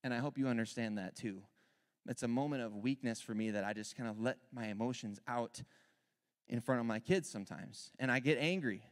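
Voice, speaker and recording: A man in his thirties leads a sermon in a candid, storytelling way, his mid-pitched voice jumping into loud emphatic bursts. The recording carries the long reverb of a church sanctuary. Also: brisk. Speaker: worship leader preaching.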